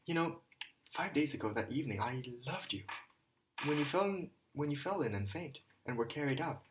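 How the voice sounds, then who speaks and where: A man reading aloud voices a desperate, feverish young man in an audiobook, with urgent, halting outbursts. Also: on the high side, expressive, background noise, voice pushed up, natural voice.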